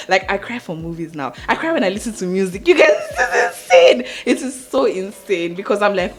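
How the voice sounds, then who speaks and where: A young woman, hosting a casual talk to camera about motherhood, expressive and quick to laugh, repeating words for emphasis. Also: medium pitch, soft background music. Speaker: podcast host and mother.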